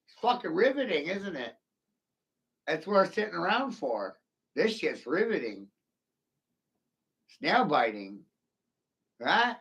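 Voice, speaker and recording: A man's voice: a little high, big pitch swings, takes it slowly, pauses often, fairly bright tone. A man delivering a rambling, profane, mocking solo rant to the camera.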